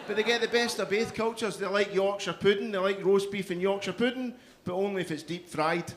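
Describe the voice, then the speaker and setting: A middle-aged man with a Glaswegian accent, performing a stand-up comedy set on a club stage, with loud, punchy crowd work. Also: high voice, a little fast. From Scotland. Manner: loud, punchy crowd work with frequent "you know what I mean".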